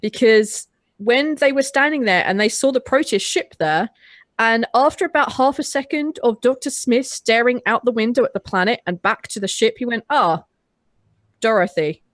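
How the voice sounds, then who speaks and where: A woman's voice: a little high, lively intonation, moderate pace, dry recording. Woman reviewing a movie w friends, sarcastic and sweary, dry close sound. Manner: sarcastic, swears, stumbles and restarts. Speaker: podcast co-host. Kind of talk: casual movie review chat.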